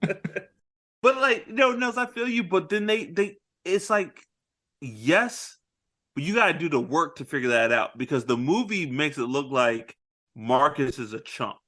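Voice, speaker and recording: A young man chatting on a movie podcast with a fairly high, very lively voice. He keeps acting out the characters' lines and breaking into laughter. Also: a little slow. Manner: animated, acts out characters' lines, laughs often. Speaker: podcast co-host. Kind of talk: casual movie-review chat.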